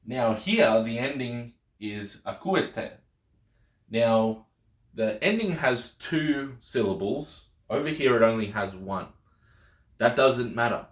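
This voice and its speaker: A man's voice: mid-range voice, slow, roomy sound. A man teaching a video language lesson, patient and encouraging, often checking in with "okay?". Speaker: Greek teacher.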